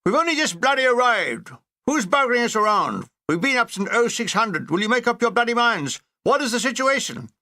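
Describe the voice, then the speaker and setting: A man's voice: fairly high pitch, sing-song, moderate pace, gravelly, pushed and bright, no room sound, clean studio sound, exaggerated voice. A man voicing a blustering, hard-drinking army major who barks brusque orders. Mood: angry shouting. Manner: brusque, bossy officer bark.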